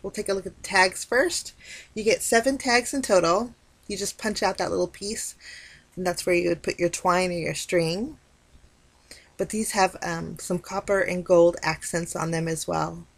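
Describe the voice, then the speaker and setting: A woman's voice: fairly low pitch, steady tone, moderate pace, vocal fry. A woman hosting a crafting video, chatting enthusiastically as she walks through a card kit. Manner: chatty, enthusiastic, frequent "super pretty". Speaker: crafting channel host. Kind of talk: casual product walkthrough.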